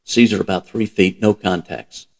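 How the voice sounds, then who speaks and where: A man voicing a calm, commanding submarine captain who gives crisp orders in a storybook reading. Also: sits low, moderate pace.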